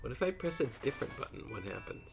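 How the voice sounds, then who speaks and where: A man's voice: medium pitch, very animated, fast talker, gravelly, breathy edge, faint music behind. A man co-hosting a game stream, making dry wisecracks in casual chat. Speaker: co-host.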